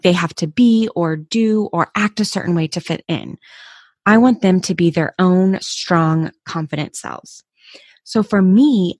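A woman's voice: on the low side, darkish tone, no room sound, clean studio sound. A woman in her thirties hosting a motivational solo podcast, talking in a candid, personal and encouraging way. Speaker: podcast host.

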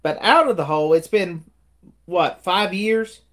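On a podcast he co-hosts, a man chats casually about films, retelling them with animation and acting out movie lines between laughs. His voice is high and his delivery a little slow.

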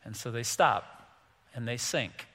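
A middle-aged man pastor preaching a sermon, animated, acting out quotes with sudden swings from soft to loud. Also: medium pitch, a little slow, big-room sound. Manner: animated, acts out quotes with big swings in loudness.

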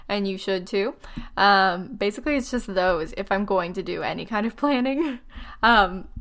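A woman in her twenties, a little tired, talks through blogging advice in a loose vlog style. She is chatty and self-deprecating, full of fillers and quick asides, with a mid-range voice. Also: mid-range voice, a bit bright. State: tired, yawning.

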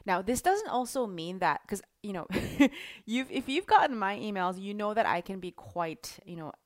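A woman coach giving a teaching monologue in a bubbly, emphatic, energetic way. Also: mid-range voice, normal speed, no echo, clean studio sound. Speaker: life coach.

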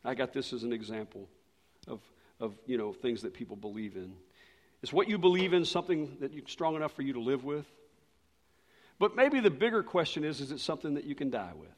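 An older man preaching in a church sanctuary, his voice trailing off in a long hall reverb. He tells a story with lively swings from loud, rising bursts down to hushed, intimate asides. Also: mid-range voice, fairly quick. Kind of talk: sermon with personal story.

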